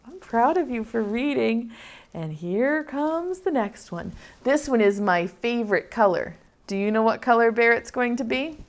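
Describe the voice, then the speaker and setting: A woman teaching a virtual preschool class, speaking in a slow, sing-song, encouraging way to small children. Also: fairly high pitch, expressive. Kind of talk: virtual preschool circle time.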